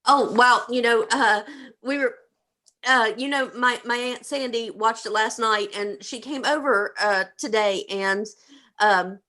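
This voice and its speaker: A woman's voice: a little high, measured pace, bright, forceful tone. A woman, a stage actor, rambling on a video call with many fillers and laughs. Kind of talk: casual video call chat.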